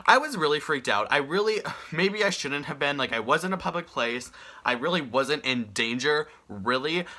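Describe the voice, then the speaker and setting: A young man telling a story on his vlog in an animated, exasperated way. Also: a little high. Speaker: vlogger.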